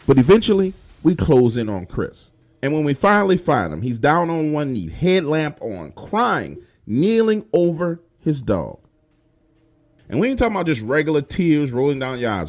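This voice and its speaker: A man's voice: a little high, sing-song, normal speed. A man telling a first-person true horror story in casual, profane street slang, speaking directly to the listener. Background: faint music.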